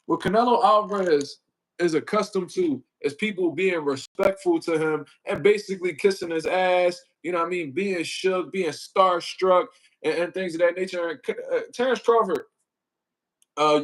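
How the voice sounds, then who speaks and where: A man with a high voice hosts a casual boxing livestream at a moderate pace, heard on a low-quality recording. He rambles in profane slang, greets chat viewers, fills gaps with "you know what I mean," and pulls his desk mic closer.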